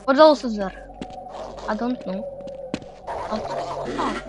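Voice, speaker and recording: A high-pitched woman talks through a shooter game as she plays. She swears and yells at enemies. Loud game noise runs under her voice. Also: slow pace. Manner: excitable, swearing, shouting at enemies. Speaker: gameplay streamer. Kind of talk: live gameplay commentary.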